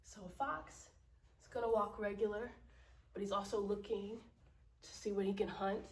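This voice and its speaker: A woman teaching children an acting lesson, explaining slowly and patiently and often asking "right?". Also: mid-range voice, flat delivery. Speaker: drama teacher. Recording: roomy echo, from mic distance.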